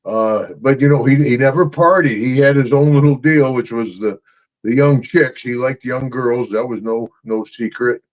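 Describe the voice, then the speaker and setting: An older man co-hosting a podcast in casual chat, gruff and boisterous, with loud shouted asides. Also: medium pitch, normal speed. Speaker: podcast co-host, retired wrestler. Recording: dull lo-fi podcast audio.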